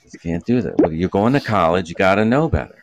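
A middle-aged man tells a rambling story in easy podcast chat. His voice sits very low, and the sound is dry and close. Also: lively intonation, fast, dry recording. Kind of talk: casual chat.

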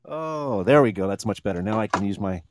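A man's voice: fairly low pitch, lively intonation, brisk, background noise. A man hosting a casual live podcast, rambling with many restarts and easy laughter. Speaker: podcast host. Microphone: handheld mic.

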